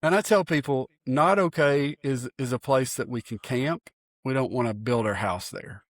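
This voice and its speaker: A man, a pastor co-hosting a podcast, talking in an earnest, folksy, animated way with frequent restarts. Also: medium pitch, normal speed, no room sound. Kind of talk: casual chat.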